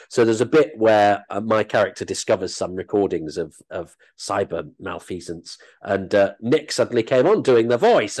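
A man who works as an actor and comedian, telling animated, self-deprecating anecdotes as an interview guest. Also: on the low side.

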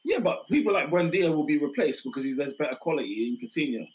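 A fairly high-voiced man with a hoarse, worn voice, talking football in a lively, emphatic way. He repeats his points and cuts in often. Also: fast, slight background noise, low-quality recording. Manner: animated, interjecting, emphatic repetitions. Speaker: podcast host. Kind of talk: casual football chat.

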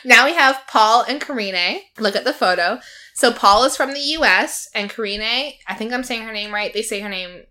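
Woman telling a tv story with lots of laughs, bright clear voice, chatty. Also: a little high, moderate pace. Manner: animated storytelling, quoting people, laughing often. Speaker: podcast co-host recapping a reality show. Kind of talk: casual chat.

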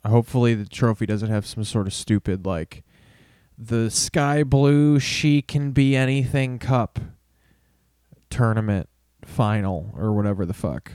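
A man's voice: on the low side, fairly even intonation, measured pace, a little mellow, clean tone, dry recording, studio quality. A man hosting a podcast, rambling through a casual sports monologue with heavy swearing. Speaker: podcast host.

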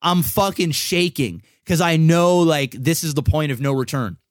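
A man's voice: a little high, normal speed, no echo, clean studio sound. Profane, rambling young man telling a story. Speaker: podcast co-host. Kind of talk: casual storytelling chat.

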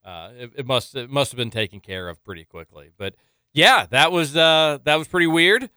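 A man hosting local radio, talking in a loose, chatty way full of fillers. His voice is bright and smooth. It sits dry and close on the studio mic. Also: medium pitch, animated, a little fast, dry recording. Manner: chatty storyteller, filler-heavy. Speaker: radio show host. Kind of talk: casual radio banter.

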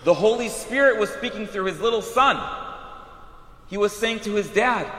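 A man preaching a sermon as a priest, telling stories in an animated way with quick asides. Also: sits high. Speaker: Catholic priest. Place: church. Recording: echoey church hall.

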